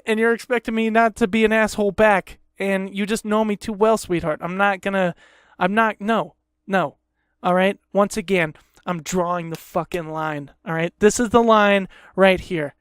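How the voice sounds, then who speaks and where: A man's voice: sits high, fairly even intonation, normal speed, fairly bright tone, smooth, dry recording, clean studio sound. A man hosting a podcast, ranting heatedly in a casual, profane way and repeating himself. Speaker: podcast host.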